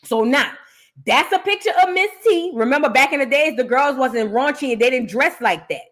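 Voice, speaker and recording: A woman's voice: high voice, lively intonation, moderate pace, fairly bright tone. Chatty New woman hosting gossip talk. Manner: chatty, talks straight to viewers. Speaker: host of a celebrity gossip reaction show. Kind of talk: casual commentary.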